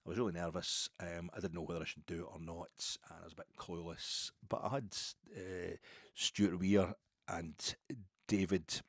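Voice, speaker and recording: A man's voice: deep voice, steady tone, moderate pace, slightly rough, no echo, studio quality. A man in his fifties with a Scottish accent, hosting a solo football podcast in a rambling, wry way that keeps correcting itself. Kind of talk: casual solo podcast chat.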